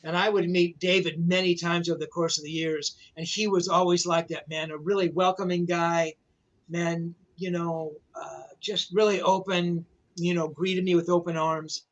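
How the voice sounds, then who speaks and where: A man's voice: on the high side, flat delivery, moderate pace, lo-fi sound. A man in his sixties, a rock journalist, telling a long rambling anecdote in a casual way, full of "you know, man" fillers, over a video call.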